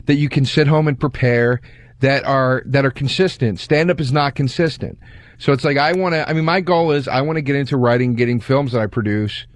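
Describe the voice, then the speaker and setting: A man's voice: mid-range voice, fairly even intonation, fairly quick, no room sound. Earnest, rambling male co-host. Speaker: radio show co-host. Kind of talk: casual comedic banter.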